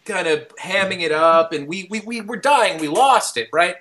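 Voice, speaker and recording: A young man hosting a podcast, telling a long story in casual, rambling chat, full of fillers, restarts and casual swearing, shouting out the quoted lines. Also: sits high, moderate pace, slight background noise. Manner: animated, loose storyteller with many fillers and restarts. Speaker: podcast host.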